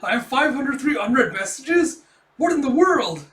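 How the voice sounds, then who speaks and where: A man voicing a frantic, easily flustered middle-aged male recruit who yells in panic, read aloud from a comic. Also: very high voice, sing-song, slow pace, pitched above the performer's own voice, heavily acted. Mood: panicked. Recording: roomy, distant mic.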